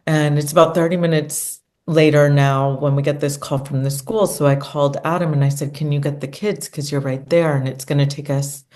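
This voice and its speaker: Low-voiced woman telling a story. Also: darkish tone. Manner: earnest, emotional while recounting. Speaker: guest. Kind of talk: conversational interview storytelling.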